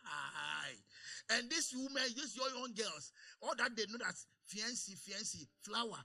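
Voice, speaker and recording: A man preaching to a congregation with a high, very bright voice that cuts through the room. His tone is gravelly and husky, and he jumps from hushed asides to loud exclamations, calling out for amens. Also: unhurried. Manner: animated, shifts between quiet asides and loud exclaims. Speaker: pastor. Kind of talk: preaching a sermon. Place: church service.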